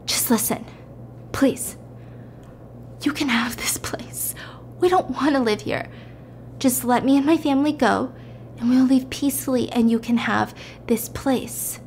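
A woman's voice: sits high, unhurried, pauses often, slight background noise. A woman doing a desperate, pleading father. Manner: pleading, hushed.

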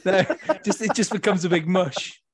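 A man's voice: high-pitched, moderate pace, slightly rough, dry recording, clean studio sound. A man hosting a casual podcast banter session over a video call, rambling and laughing often. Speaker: podcast host.

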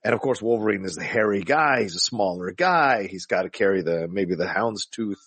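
A man hosting a podcast in casual chat, relaxed, swearing offhandedly and trailing off with fillers. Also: fairly low pitch, normal speed, husky, no room sound. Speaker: podcast host.

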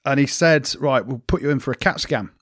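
A man's voice: mid-range voice, a little fast, a bit bright, no room sound, clean studio sound. A man cohosting a podcast, telling a self-mocking story in casual banter and laughing often. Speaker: podcast co-host.

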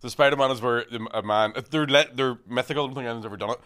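A man's voice: medium pitch, clear, resonant tone. A man hosting a podcast, telling sweary comic stories in a casual chat with friends. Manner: fast, animated storytelling with sweary put-on voices. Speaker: podcast host.

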